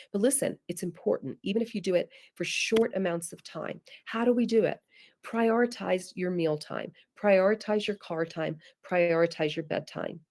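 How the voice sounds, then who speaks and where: A woman's voice: on the low side, a little mellow. A middle-aged woman presenting a parenting webinar, talking in an earnest, coaxing way with emphatic repetition. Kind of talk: instructive webinar talk.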